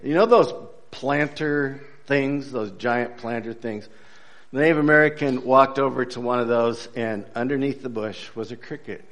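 A man's voice: mid-range voice, a little fast. A man preaching a sermon as pastor, in a conversational, joking storytelling way with frequent hesitant fillers. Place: church.

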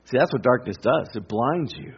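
A middle-aged man preaching a sermon with emphatic repetition and deliberate pauses. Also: medium pitch, expressive, breathy edge, muffled recording. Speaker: pastor.

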